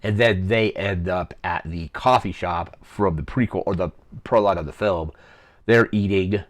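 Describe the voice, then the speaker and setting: Young guy with a real low voice, rambling movie recap, dry close sound. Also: normal speed, no echo. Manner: rambling, lots of "like" and "um" fillers. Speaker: podcast host.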